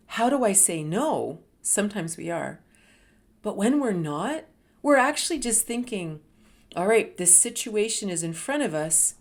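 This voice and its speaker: A middle-aged woman telling a personal story, animated and dropping to whispers for emphasis. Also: medium pitch. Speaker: host.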